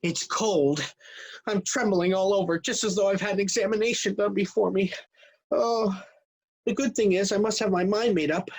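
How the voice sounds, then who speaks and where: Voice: mid-range voice, steady tone, normal speed, slightly rough, low-quality recording. An actor playing a stammering nervous suitor. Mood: flustered. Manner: stammering, flustered, hesitant. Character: nervous, hypochondriac 35-year-old male suitor. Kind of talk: stage acting.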